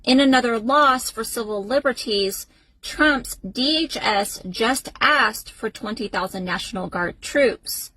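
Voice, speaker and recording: Female news reader, slow and emphatic, dry close sound. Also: on the high side, pushed and bright, dry recording, poor audio. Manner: deliberate, emphatic news reading. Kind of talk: scripted social media news update.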